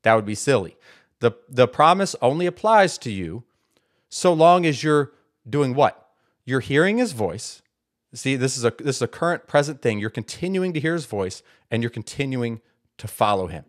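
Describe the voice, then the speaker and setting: A man's voice: medium pitch, big pitch swings, moderate pace. A man giving Bible teaching commentary, emphatic, asking rhetorical questions and answering them himself. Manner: repeats words for stress.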